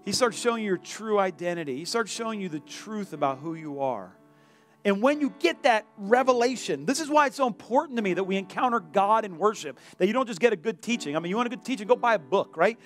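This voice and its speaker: Animated high-voiced male pastor preaching. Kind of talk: sermon. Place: church sanctuary.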